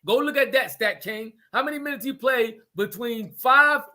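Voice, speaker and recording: A man's voice: extremely high pitch, normal speed, sharp tone. A man co-hosting a podcast, arguing basketball hotly and point by point. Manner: emphatic, argues point by point, laughs often. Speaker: podcast co-host. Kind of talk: heated sports debate.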